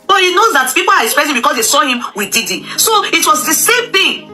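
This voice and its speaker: A Nigerian woman speaks with a very bright, sharp tone, talking through her opinions in an emphatic, repetitive way with many hesitations and Pidgin asides. Faint music plays underneath. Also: sits high, very animated, fast. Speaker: commentator. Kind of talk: casual opinion talk.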